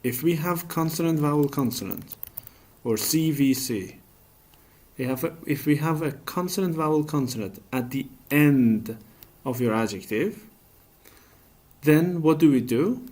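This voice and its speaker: Slow, patient male teacher. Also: on the high side, expressive, a little mellow. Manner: slow, patient, asks questions and answers them himself. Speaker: English teacher. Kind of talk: classroom grammar lesson.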